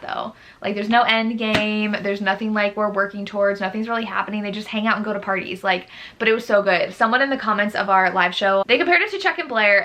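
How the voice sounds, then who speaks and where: Young woman, book vlogger, bright tone, animated, exasperated, gushy. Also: medium pitch. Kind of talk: casual book review vlog.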